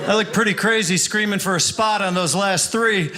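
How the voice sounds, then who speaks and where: A young man doing stand-up with a dry, wry delivery and sudden shouted bits. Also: high voice, normal speed, slight background noise. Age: young adult. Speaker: stand-up comedian. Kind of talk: stand-up comedy set.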